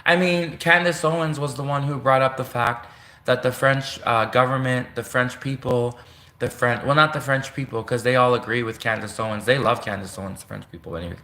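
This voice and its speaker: A Canadian vlogger sits in a chair at a home desk setup, delivering a rambling, meandering casual monologue full of restarts and asides. His mid-range voice is brisk and sharp-toned, and the room is echoey.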